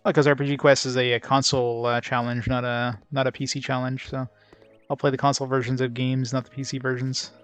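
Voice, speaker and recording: A man's voice: mid-range voice, little pitch movement, quick pace, fairly bright tone, faint music behind. Rambling, wry let's play guy. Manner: rambling, wry, filler-heavy. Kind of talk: casual gameplay commentary.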